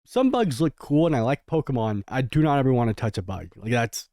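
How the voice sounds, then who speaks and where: A young man reacts to a clip in casual commentary, tossing out candid, jokey asides. His voice is mellow and swings lively up and down. The sound is close and dry. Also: medium pitch, a little fast, dry recording.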